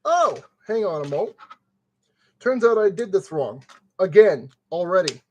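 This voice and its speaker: A man chats in a slow, unhurried way as he puts a kit together on stream. He mutters to himself and the pieces and tosses out silly made-up exclamations. He sounds sweaty and worn by the summer heat. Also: sits high, big pitch swings, darkish tone. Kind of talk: casual live-stream commentary.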